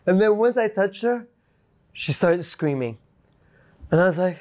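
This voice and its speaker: A man, a podcast guest, telling a story in a casual, animated and rambling way, laughing often and filling with "like" and "you know". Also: high voice, slow, pauses often.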